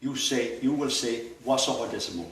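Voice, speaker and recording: An older man from Nova Scotia giving a relaxed, digressive workshop talk, full of fillers and chuckles. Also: medium pitch, moderate pace. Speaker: language workshop instructor. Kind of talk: informal classroom lecture. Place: workshop room indoors. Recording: echoey room, distant mic, faint noise.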